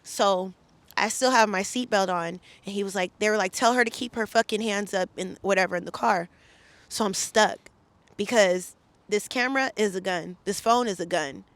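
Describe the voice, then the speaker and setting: A woman's voice: mid-range voice, normal speed, dry recording. A woman from the Bay Area, a podcast guest, recounting a story in an emphatic, profane, heated way. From San Francisco Bay Area. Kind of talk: casual storytelling interview.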